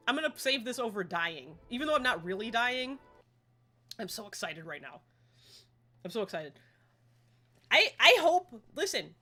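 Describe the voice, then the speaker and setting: A woman streaming a game live, chatting excitedly and rambling to herself as she plays. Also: on the high side.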